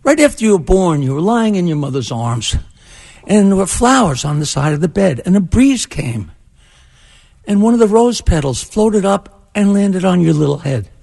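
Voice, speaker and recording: A man doing a gentle, fond father telling a tale. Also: sits high, sing-song, normal speed, gravelly, heavily acted. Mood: tender. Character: gentle storytelling father of three daughters.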